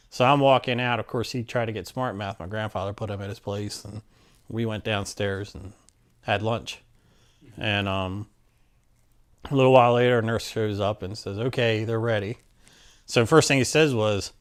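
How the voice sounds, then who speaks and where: A man's voice: lowish voice, moderate pace, clean tone. Plainspoken man telling a personal story. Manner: plainspoken, rambling, acts out quoted exchanges. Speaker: interviewee.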